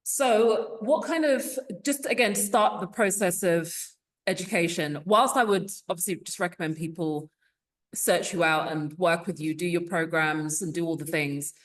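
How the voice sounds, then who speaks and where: A woman hosting a podcast, asking measured, thoughtful questions. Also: on the low side. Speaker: podcast host. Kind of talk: casual podcast interview.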